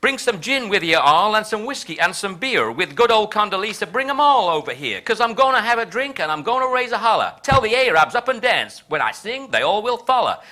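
Man doing a put-on Texan accent, boastful president, swaggering folksy drawl, lively pitch, bright tone. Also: a little fast, hardly any pauses, heavily acted. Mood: gloating. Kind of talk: dramatic reading of translated verse.

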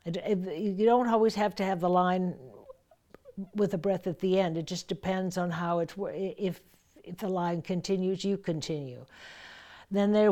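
A woman's voice: medium pitch, unhurried, a little mellow. A woman voice coach explaining how to breathe through verse lines, now and then reading lines aloud with force. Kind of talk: teaching verse speaking with readings.

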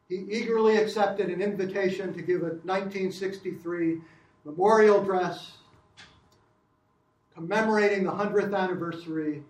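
An older man reading a prepared lecture in a measured academic way, with occasional restarts. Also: high voice, echoey room, distant mic, low-quality recording.

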